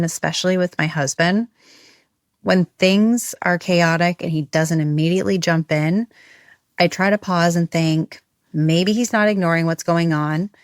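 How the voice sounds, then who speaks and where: A woman from the show's staff sharing a measured, thoughtful personal reflection. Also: on the low side, dry recording, clean studio sound. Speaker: show staff member.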